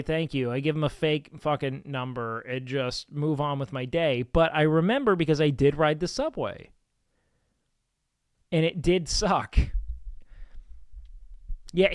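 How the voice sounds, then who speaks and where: A man's voice: a little high, animated, normal speed, long pauses, smooth, dry recording. A young man chatting casually on a live stream, rambling and swearing with lots of fillers.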